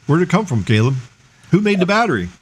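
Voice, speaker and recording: A man's voice: high-pitched, big pitch swings, quick pace, breathy edge. A man hosting a casual tech livestream, explaining energetically and firing off rhetorical questions. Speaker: livestream host.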